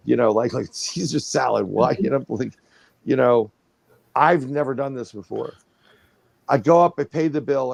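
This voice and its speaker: Middle-aged male guest, gravelly tone, tells an animated, rambling anecdote. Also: medium pitch, no echo. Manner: rambling, animated storytelling with restarts and acted-out quotes. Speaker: guest, paranormal researcher. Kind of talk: casual storytelling on a livestream.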